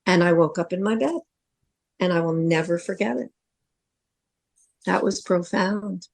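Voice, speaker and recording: A woman's voice: lowish voice, measured pace, gravelly. Earnest middle-aged woman telling a story. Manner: earnest, recounts a vivid dream with lots of quoted dialogue. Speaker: psychic medium and podcast co-host. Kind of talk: casual storytelling.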